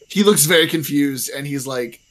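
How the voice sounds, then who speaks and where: A man in a somewhat high register narrates as game master, describing scenes in a relaxed, offhand way. His delivery is loose and dotted with ums and restarts. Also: normal speed. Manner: casual, filler-heavy narration.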